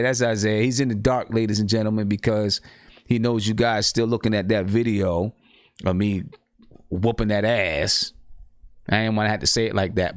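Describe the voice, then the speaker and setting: Guy hosting a live stream chat, kinda low voice, keeps repeating himself for emphasis, dry sound. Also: no room sound. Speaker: podcast host.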